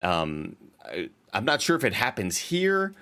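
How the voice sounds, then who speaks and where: A young man with a low, deep voice talks loosely through a show recap. He rambles and swears casually, filling gaps with ums and restarting his sentences. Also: wildly swooping pitch, measured pace, sharp tone, smooth. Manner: rambling, profane, many fillers and restarts. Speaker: podcast co-host. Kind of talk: casual chat recapping a TV episode.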